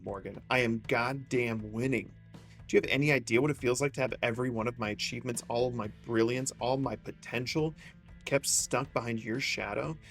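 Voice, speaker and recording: A man's voice: mid-range voice, fairly bright tone, lightly acted. A man voicing a smug, ambitious music-mogul rival who gloats and talks down to others in a game. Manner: gloating, condescending.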